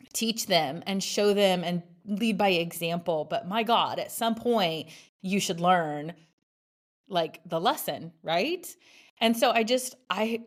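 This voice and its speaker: A woman in her thirties hosting a solo podcast, telling a personal story in a frank, chatty way with lots of "like" fillers. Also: fairly low pitch. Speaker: podcast host. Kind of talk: candid solo podcast monologue.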